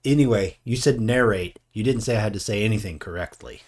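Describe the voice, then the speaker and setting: A man's voice: on the low side, quick pace, a little mellow. A man co-hosting a live painting stream, reading out chat and trading dry jokes with his partner. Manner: dry, joking, reluctant banter. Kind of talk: casual chat.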